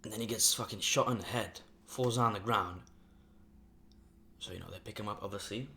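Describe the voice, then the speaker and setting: A man's voice: fairly low pitch, brisk, sharp tone, a little hiss or hum. A young man talking casually in a rambling mukbang vlog, swearing freely, recorded in a sparsely furnished room at home that he says echoes. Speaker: mukbang vlogger.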